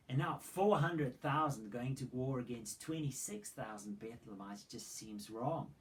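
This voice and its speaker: Preacher retelling a grim story. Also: male voice, medium pitch, a little hiss or hum, poor audio. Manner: dramatic retelling with rhetorical questions. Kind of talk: sermon storytelling. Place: church hall.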